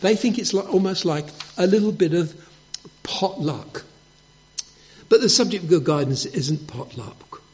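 A man's voice: sits high, animated, measured pace. A man preaching a sermon, telling stories and acting out little quotes in a conversational way. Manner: storytelling with acted quotes, conversational. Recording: dull lo-fi recording.

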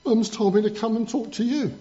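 A man's voice: sits high, a little fast, mellow, highs cut off, voice pushed up, close to an everyday voice. A man doing a worried baby polar bear. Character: anxious little baby polar bear, unsure of himself.

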